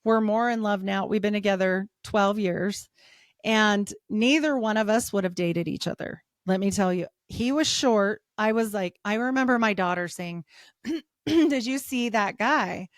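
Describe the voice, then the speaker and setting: A woman's voice: mid-range voice, measured pace, no room sound. Chatty forties woman on a podcast, laughs a lot, says like constantly, dry close mic. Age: 40s. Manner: animated, laughs often, many "like" fillers. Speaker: podcast guest. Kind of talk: casual storytelling.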